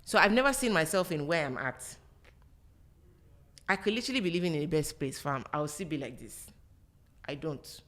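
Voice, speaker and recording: A woman hosting a podcast in casual conversation, self-assured and animated, laughing often. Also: deep voice, fairly quick, pauses often. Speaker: podcast host.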